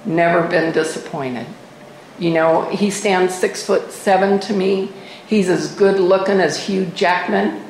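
An older woman gives candid testimony at a meeting microphone, poking fun at herself as she tells her story. Her voice sits at a middling pitch and rings around an echoey room. A faint hiss of noise sits under it. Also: steady tone, unhurried, creaky, a little mellow. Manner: candid, self-mocking storytelling with wry humor. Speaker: speaker sharing at a recovery meeting. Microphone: microphone at a podium.

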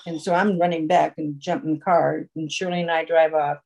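A woman's voice: sits low, little pitch movement, a little fast, vocal fry, darkish tone, rough recording. Woman rambling through a personal story at a support meeting, lots of "you know", on a video call. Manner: rambling storyteller, full of fillers. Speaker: recovery meeting speaker.

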